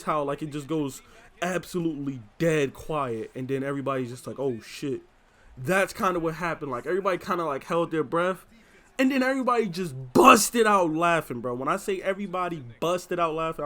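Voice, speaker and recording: A man's voice: on the high side, a bit bright. A young man telling a story in casual slang, swearing often and filling his talk with "you know what I'm saying" and "bro". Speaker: storyteller host.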